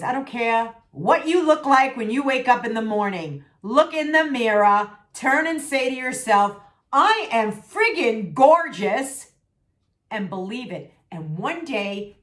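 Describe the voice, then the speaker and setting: A woman's voice: on the high side, animated, normal speed, hardly any pauses, fairly bright tone. A middle-aged woman venting candidly to her viewers in a vlog, sassy and emphatic, repeating herself for emphasis, her voice a little worn. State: losing her voice. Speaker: vlogger. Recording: echoey room.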